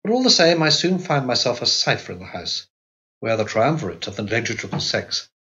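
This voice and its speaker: A man narrating an audiobook in a measured, even reading voice. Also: fairly low pitch, lo-fi sound. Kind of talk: scripted narration.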